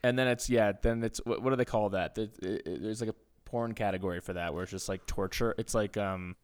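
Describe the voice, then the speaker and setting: A man's voice: on the low side, brisk, clean tone. Easygoing man agreeing along. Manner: easygoing, frequent agreeing backchannels. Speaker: podcast co-host. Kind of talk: casual comedic chat.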